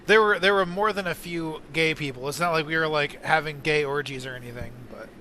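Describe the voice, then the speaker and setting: A man's voice: fairly high pitch, a little fast, bright, forceful tone, a little hiss or hum. A man streaming a game, chatting casually and rambling through crude jokes with lots of fillers. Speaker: gaming streamer. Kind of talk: casual gaming-stream chat.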